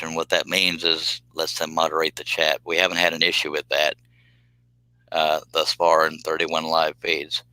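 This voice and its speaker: A deep-voiced man in his fifties chats his way through a live stream, drawling out greetings to viewers. His voice is bright and crisply clear. The sound is dry and close. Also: no echo, poor audio. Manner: folksy, drawling, reads chat aloud. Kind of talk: casual live stream chat.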